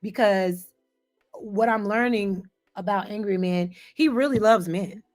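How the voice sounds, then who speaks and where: A woman hosting an online commentary show, reacting to a panel clip in an animated, emphatic way and speaking to her chat. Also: mid-range voice, a little slow, faint music behind. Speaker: commentary host.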